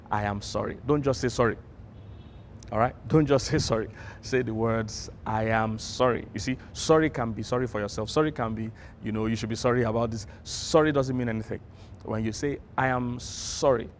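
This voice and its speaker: A man's voice: fairly low pitch, a little hiss or hum. Man giving emphatic relationship advice. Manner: emphatic, repeats points, prompts viewers to practice. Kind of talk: advice talk to camera.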